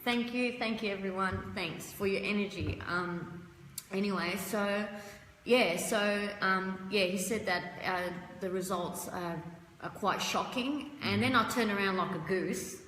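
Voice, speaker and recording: A woman's voice: medium pitch, a little slow, a bit bright. An Australian woman in her thirties tells her own story on a live stream, blunt and earthy, holding back tears. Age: 30s. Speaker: guest. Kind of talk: emotional personal testimony on a live stream. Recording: echoey room with faint noise.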